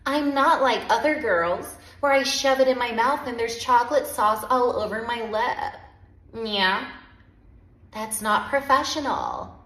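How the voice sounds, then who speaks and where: Slow, dainty woman in an echoey room. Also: on the high side, fairly bright tone. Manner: dainty, self-satisfied. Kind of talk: comedic trend skit.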